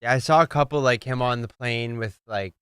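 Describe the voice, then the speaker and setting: A man's voice: medium pitch, fairly bright tone, slight background noise. A young man, co-hosting a podcast in easygoing, agreeable casual chat. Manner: easygoing, agreeable, quick yeahs. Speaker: podcast co-host. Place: home studio.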